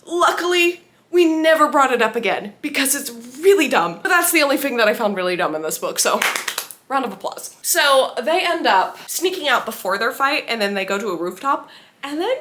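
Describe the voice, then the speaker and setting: A young woman talking through a book's plot in a casual spoiler review. She is animated, laughs often and reacts with big exaggerated disbelief. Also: high-pitched, moderate pace, slight background noise. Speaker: book vlogger.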